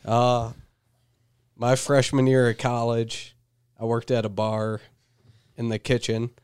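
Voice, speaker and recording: A man's voice: medium pitch, monotone, slow pace, darkish tone, clean tone, dry recording, clean studio sound. A young man, a comedian, telling a story in casual chat and laughing easily. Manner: laughing, easygoing. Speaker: comedian guest.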